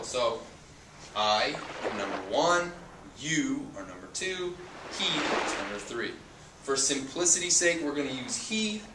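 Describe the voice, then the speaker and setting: A male Spanish teacher patiently explains a lesson outdoors at a beach, repeating words and spelling out their endings. His ordinary-pitched voice sounds roomy and far from the mic, with steady noise running underneath.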